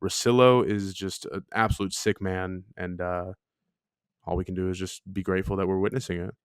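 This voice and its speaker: A man's voice: sits low, level tone, fairly quick, clean tone, no echo, studio quality. A man co-hosting a casual sports podcast, rambling playfully with lots of fillers. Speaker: podcast co-host.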